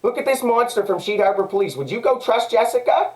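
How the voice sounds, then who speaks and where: A Canadian man talks in an angry personal monologue. His voice sits high, and he keeps circling back to the same points. He swears often, sounding agitated throughout. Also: animated, fast, poor audio. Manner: agitated, repetitive, profane. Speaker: vlogger.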